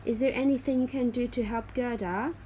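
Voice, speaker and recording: A woman doing a calm, loyal reindeer. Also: a little high, brisk, a little hiss or hum, natural voice, low-quality recording.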